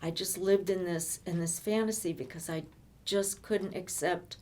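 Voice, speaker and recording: An older woman telling her own life story in conversation, halting and often repeating words as she restarts. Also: fairly low pitch, steady tone, a little mellow. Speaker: interviewee.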